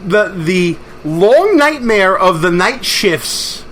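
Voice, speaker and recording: Bright-voiced, high-pitched male host. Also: very animated, slow, a little hiss or hum. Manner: emphatic, rallying, conversational. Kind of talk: political talk show commentary.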